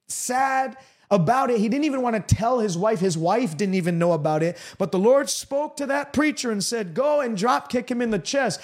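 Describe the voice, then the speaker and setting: A man preaching a sermon, telling healing stories in an emphatic style with sudden jumps in pitch.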